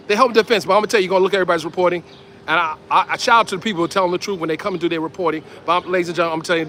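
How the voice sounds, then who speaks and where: A man giving excited street commentary outdoors, repeating himself and calling out to viewers as ladies and gentlemen. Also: very high voice, slight background noise. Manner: animated, repetitive, addresses viewers as ladies and gentlemen. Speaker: independent commentator.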